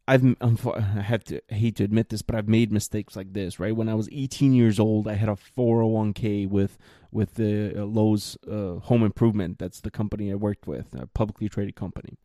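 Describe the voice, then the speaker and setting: A man's voice: on the low side, fairly even intonation, fairly quick, warm tone, no room sound, studio quality. Blunt, exasperated man in his thirties. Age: 30s. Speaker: podcast host. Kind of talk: ranting solo podcast.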